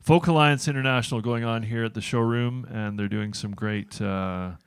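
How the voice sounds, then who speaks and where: A man's voice: mid-range voice, moderate pace, clean tone, dry recording, clean studio sound. Jokey sixty-year-old man hosting. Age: 60s. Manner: jokey, self-deprecating, chatty. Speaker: host. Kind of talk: casual chat.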